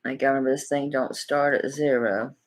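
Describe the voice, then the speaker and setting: Casting: middle-aged Southern woman, low husky voice, folksy live-stream jewelry seller. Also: steady tone, fairly quick. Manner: folksy, chatty, talks to viewers by name. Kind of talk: live-stream sales chat.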